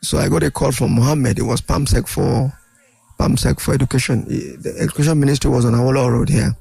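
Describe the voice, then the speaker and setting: An older man, a guest in an interview, telling animated anecdotes and acting out other people's voices. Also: medium pitch, fast, gravelly, breathy edge, dry recording. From Nigeria. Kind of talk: storytelling interview.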